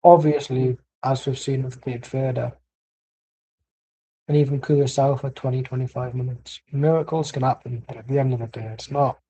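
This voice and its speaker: Guy for a match watchalong, mellow husky voice, rambling, blunt, sweary. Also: mid-range voice, fairly even intonation, moderate pace, low-quality recording. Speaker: watchalong streamer. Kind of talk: casual live match commentary. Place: at home.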